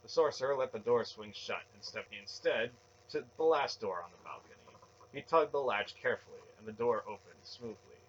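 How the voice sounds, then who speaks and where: A man reading a fantasy novel aloud with steady, dramatic narration. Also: medium pitch, brisk, dull audio, a little hiss or hum. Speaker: audiobook reader.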